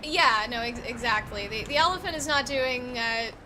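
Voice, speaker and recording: A woman's voice: fairly high pitch, moderate pace, pushed and bright, a little hiss or hum. A woman streaming a game, chatting casually, swearing freely, and laughing often. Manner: profane, frank, laughs often. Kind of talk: casual gameplay commentary.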